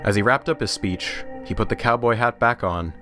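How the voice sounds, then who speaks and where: Male documentary narrator, lowish voice, measured and dry, over music. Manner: measured storytelling with dry humor. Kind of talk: scripted narration.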